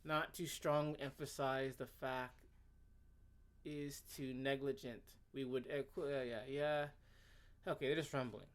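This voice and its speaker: A man's voice: medium pitch, fairly even intonation, measured pace. A man hosting a commentary video, reading a web page aloud and ranting about it in a sarcastic, exasperated way, stammering and restarting often. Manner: sudden swings between loud outbursts and muttering.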